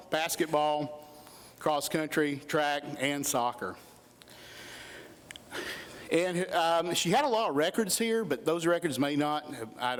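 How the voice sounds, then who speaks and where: A middle-aged man, a coach giving an emotional induction speech into a podium microphone, earnestly listing an athlete's achievements. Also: fairly high pitch.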